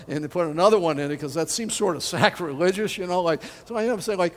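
A man preaching a sermon in an emphatic, animated way with frequent restarts. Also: fairly high pitch, a little fast, few pauses. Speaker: pastor. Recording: long hall reverb.

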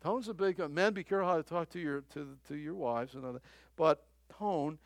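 Man as a pastor preaching off the cuff, fairly high voice, dry close sound, stop-start phrasing with repeats. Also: no echo. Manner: halting, repeats phrases, chuckles often. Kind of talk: conversational sermon.

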